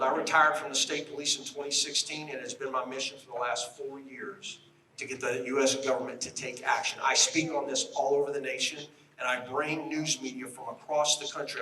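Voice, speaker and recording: A middle-aged man gives an emphatic storytelling speech at an outdoor rally. His voice is forceful and bright, and he often turns to address the crowd directly. He stands back from the microphone, so the sound comes across echoey and distant. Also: medium pitch, slight background noise. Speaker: rally speaker, retired state police officer.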